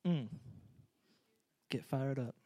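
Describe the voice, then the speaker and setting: A man preaching a sermon, energetic and joking, urging the congregation to answer back. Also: medium pitch, extremely slow, slightly rough.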